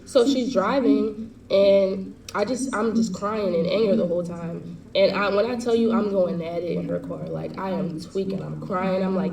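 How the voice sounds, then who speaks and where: Young woman vlogger, storytime monologue, mellow tone, echoey room, mic set back. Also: medium pitch, steady tone, creaky, distant mic, a little hiss or hum. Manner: heated, fast slangy retelling.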